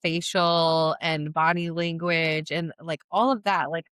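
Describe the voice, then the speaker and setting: A woman co-hosting a podcast in casual chat, animated and thoughtful, getting loud when she gets excited. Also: sits low, slow, clear, resonant tone, dry recording. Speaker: podcast co-host.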